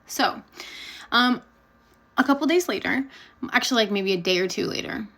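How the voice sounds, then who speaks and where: A woman's voice: fairly high pitch, normal speed, fairly bright tone, low-quality recording. A woman vlogger chatting candidly and bluntly as she tells a personal story, laughing now and then. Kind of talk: casual storytelling to camera.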